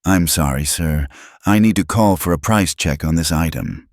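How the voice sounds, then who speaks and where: A man's voice: low voice, normal speed, no room sound, studio quality, close to an everyday voice. A man voicing a frightened young woman cashier who stammers in panic. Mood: apologetic.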